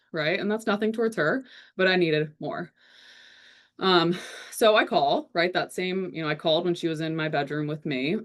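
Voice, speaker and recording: A young adult woman therapist telling her own story to the camera, with frequent pauses and a questioning "right?" after each point. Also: lowish voice. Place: video recording, indoors.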